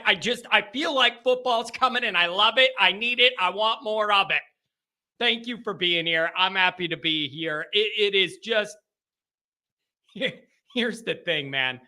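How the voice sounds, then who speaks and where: High gravelly excited call-in host. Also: male voice. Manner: excited and emphatic. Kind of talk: fan radio call-in chat.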